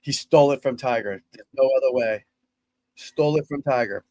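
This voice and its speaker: A man's voice: mid-range voice, fairly quick, darkish tone, no echo. A middle-aged man with a Boston accent, a golf instructor chatting casually on a live stream, rambling and blunt with joking asides.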